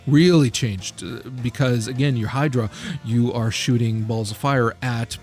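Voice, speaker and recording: A man's voice: mid-range voice, steady tone, measured pace, darkish tone, faint music behind. A man co-hosting a casual gaming podcast, teasing his partner, swearing freely and laughing often. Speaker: podcast co-host.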